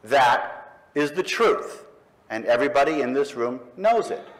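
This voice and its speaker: A middle-aged man giving a public speech to a live audience, speaking in slow, punchy declarations with pointed pauses. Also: mid-range voice, animated, low-quality recording. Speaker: speaker at an atheist convention. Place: live event in front of an audience.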